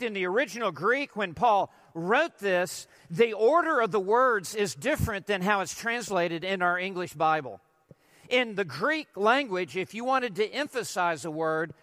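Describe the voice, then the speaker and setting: A man preaching an expository sermon, emphatic and deliberate, asking rhetorical questions and stressing key words. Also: high-pitched, fairly bright tone, in a large hall. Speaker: pastor.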